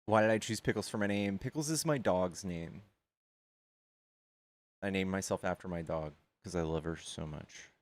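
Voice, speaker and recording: A man's voice: deep voice, moderate pace. A man streaming casual chat, blunt and mocking with callers and doting on his dog. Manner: blunt, mocking, trash-talking; doting, silly baby talk to his dog.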